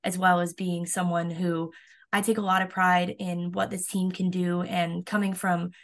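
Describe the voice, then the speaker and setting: A young woman in her twenties, a college softball pitcher, talking in a chatty, upbeat way with lots of fillers in a casual podcast interview. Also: little pitch movement, normal speed. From United States.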